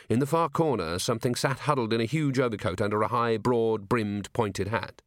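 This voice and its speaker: A man narrating an audiobook in a measured, clear reading voice. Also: fairly low pitch, no echo. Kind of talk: scripted narration. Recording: dry close studio sound.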